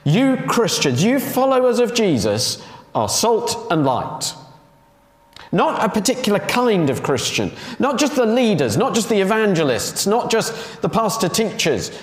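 A man's voice: high voice, sing-song, measured pace. A man preaching a sermon, emphatic, repeating key phrases and asking rhetorical questions. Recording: echoey hall with long reverb.

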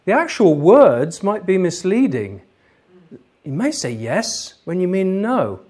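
A man giving an interactive workshop lecture, explaining ideas in a lively way. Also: high-pitched, slow, husky. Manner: lively, explanatory, laughs easily. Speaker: lecturer, trainer.

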